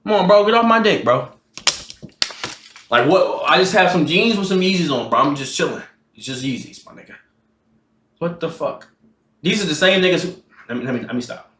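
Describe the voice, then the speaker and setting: Young guy streamer telling a story to chat, swearing a lot, bright voice, echoey room. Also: fairly high pitch, a little fast, pauses often. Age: 20s. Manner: animated, profane, acts out both sides of the argument. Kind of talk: casual storytime to a live chat.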